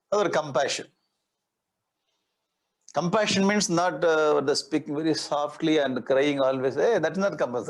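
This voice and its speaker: Husky Indian-accented swami teaching. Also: male voice, on the high side, low-quality recording. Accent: Indian English. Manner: explains verse by verse, repeating key words; recites Sanskrit verses. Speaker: swami giving a scripture discourse. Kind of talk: spiritual discourse.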